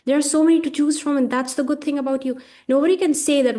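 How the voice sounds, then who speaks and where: Outspoken Indian woman, high voice. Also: steady tone, fast, warm tone. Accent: Indian English. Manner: frank, opinionated, speeds up when making a point. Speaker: guest. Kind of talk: casual conversation.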